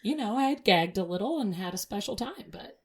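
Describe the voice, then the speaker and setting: A woman co-hosting a podcast in casual chat, playful and quick to laugh. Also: medium pitch, animated, husky. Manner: laughs often, chatty and playful. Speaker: podcast co-host.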